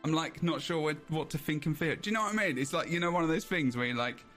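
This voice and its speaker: A man's voice: fairly high pitch, quick pace, a bit bright, soft background music. A man hosting a casual podcast chat, rambling, correcting himself and laughing often. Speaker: podcast host.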